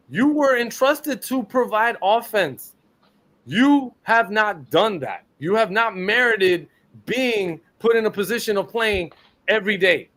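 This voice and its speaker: A man's voice: sits high, a bit bright. A man, co-hosting a sports podcast and delivering a blunt, profane rant about a ballplayer. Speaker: podcast co-host.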